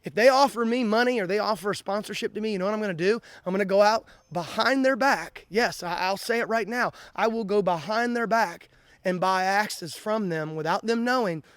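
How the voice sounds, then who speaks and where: A man's voice: high-pitched, fairly bright tone, dry recording. A man hosting an axe-throwing vlog, talking bluntly and in a worked-up way to camera, often repeating the same catchphrase. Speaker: axe-throwing channel host. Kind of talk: casual vlog talk to camera.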